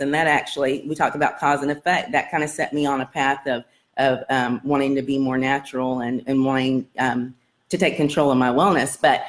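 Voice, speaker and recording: Woman, low voice, earnest, rambling, casual personal storytelling. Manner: earnest, rambling, many fillers and restarts. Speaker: self-help vlogger.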